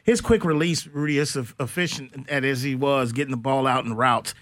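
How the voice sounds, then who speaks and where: A man's voice: medium pitch, brisk, a bit bright, no echo. A man hosting a sports talk radio show from a studio, blunt and opinionated, rambling through his points.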